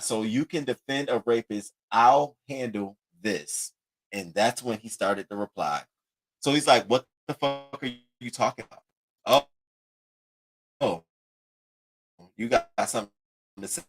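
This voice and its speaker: A man hosting a casual commentary, reading text messages aloud and reacting to them with a profane, animated delivery. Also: fairly low pitch, rough recording. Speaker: commentary host.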